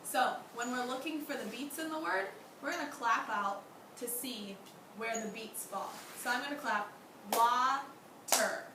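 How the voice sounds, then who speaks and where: A woman's voice: on the high side, normal speed. A young woman teaching a class, who encourages her students and asks them many questions. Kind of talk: classroom lesson. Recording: echoey room from far off, background noise.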